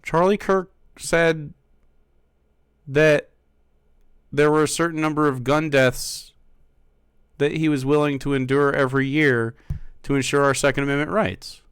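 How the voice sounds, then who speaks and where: Male streamer, sarcastic and teasing; unhurried, swooping delivery, dry close sound. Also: fairly high pitch, steady tone, smooth, no echo. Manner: sarcastic, mocking, arguing with chat. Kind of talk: casual live-stream chat.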